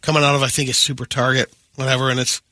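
A man co-hosting a morning radio show, chiming in with quick wisecracks and short anecdotes. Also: medium pitch, flat delivery, sharp tone, dry recording, clean studio sound. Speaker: radio co-host. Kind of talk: casual radio banter.

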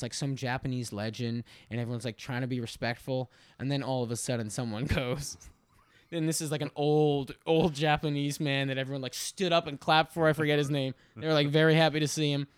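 A man co-hosting a podcast, telling an animated, rambling story full of fillers and swearing. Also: mid-range voice, smooth. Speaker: podcast co-host.

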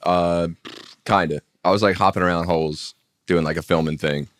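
Deep, laid-back man chatting. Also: steady tone, moderate pace, no echo, clean studio sound. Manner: laid-back, hesitant, many fillers. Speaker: podcast guest. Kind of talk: casual chat.

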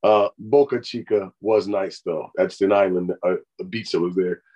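A man co-hosting a podcast in casual chat, telling stories in a profane, animated way. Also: low-pitched, moderate pace, poor audio. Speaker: podcast co-host.

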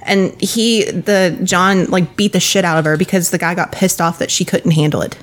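A woman's voice: fairly low pitch, steady tone, normal speed. A woman in casual podcast chat, speaking loosely with many "like"s. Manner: casual, peppered with "like".

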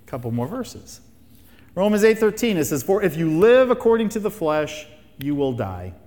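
Preaching to his congregation, a pastor with a slightly high, darkish voice swings widely in pitch at a normal speed. He drives home his points using rhetorical questions and phrases he repeats. His words echo with a long, large-hall reverb.

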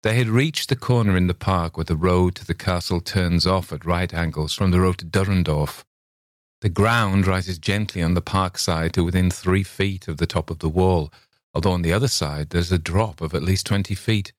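A man narrating a classic short story in a measured, steady reading voice. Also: sits low, no room sound, clean studio sound. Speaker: reader. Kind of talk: audiobook narration.

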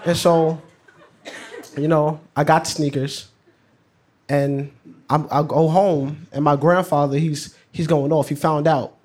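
A man's voice: fairly high pitch, little pitch movement, unhurried, pauses often, darkish tone. A teenage boy, telling a personal story live in a casual, slangy, laughing way. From New York. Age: teens. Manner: casual, chatty, slangy, laughs along with his own story. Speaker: student storyteller.

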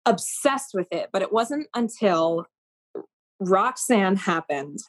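A woman in her thirties from Maine, a Broadway performer talking in a casual interview, telling stories in an effusive, animated way. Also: mid-range voice, takes it slowly. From Maine, USA. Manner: effusive, animated storytelling with lots of "like".

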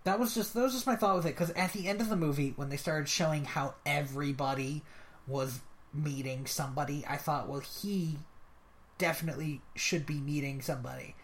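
A podcast host talking over a movie in a loose, casual chat. The delivery is chatty and quick, and the host keeps jumping back in with stray afterthoughts. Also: medium pitch, a little hiss or hum.

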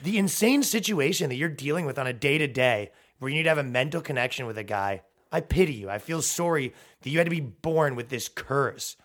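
A man's voice: mid-range voice, animated, a little fast, hardly any pauses, fairly bright tone. A man hosting a podcast, ranting sarcastically with lots of swearing and mocking impressions of other people. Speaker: podcast host. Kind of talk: profane comedic rant. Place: downtown New York apartment.

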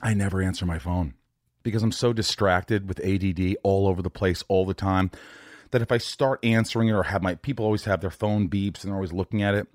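A man's voice: deep voice, fairly even intonation, a little fast, a little mellow, no echo, studio quality. A man hosting a podcast, chatting in a scattered, joking way. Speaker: podcast host. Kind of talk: casual chat.

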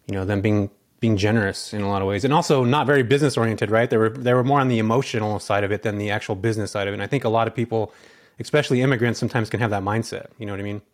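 A man's voice: lowish voice, fairly even intonation, quick pace. A man as a podcast guest, telling his story casually and animatedly, acting out bits of dialogue between lots of filler words.

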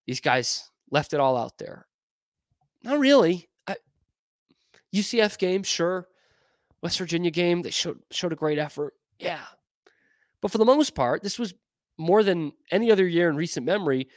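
A man's voice: fairly high pitch, no room sound, studio quality. A man hosting a sports talk show, giving frank, opinionated commentary with emphatic delivery and playful wordplay.

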